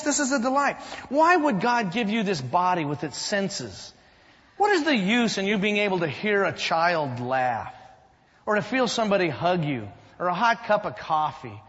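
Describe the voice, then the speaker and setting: Animated high-voiced preacher. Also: male voice. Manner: animated, storytelling, emphatic. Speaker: pastor. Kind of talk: sermon. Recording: dull recording with long hall reverb.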